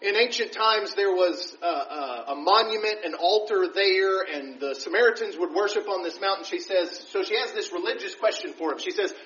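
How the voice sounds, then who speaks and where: A man's voice: high voice, moderate pace, hardly any pauses, a bit bright. A man teaching the Bible verse by verse, reading scripture aloud and then explaining it conversationally. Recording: dull, roomy recording from a distance.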